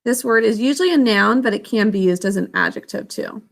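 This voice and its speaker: A woman teaching a children's spelling lesson, sounding out words letter by letter and syllable by syllable in a slow, patient way. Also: medium pitch, vocal fry. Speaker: literacy teacher.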